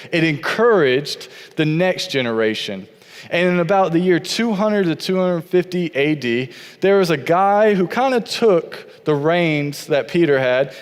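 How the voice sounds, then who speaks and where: Earnest preaching man in a reverberant church. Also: fairly high pitch. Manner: earnest, repetitive preaching cadence. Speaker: pastor. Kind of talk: sermon. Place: church sanctuary. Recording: long church hall reverb.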